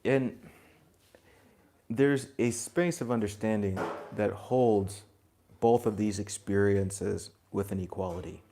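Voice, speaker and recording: A man giving a spiritual talk to a group, gentle and reflective, chuckling now and then and dropping in blunt asides. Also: on the low side, fairly even intonation, slow, slight background noise. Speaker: spiritual teacher.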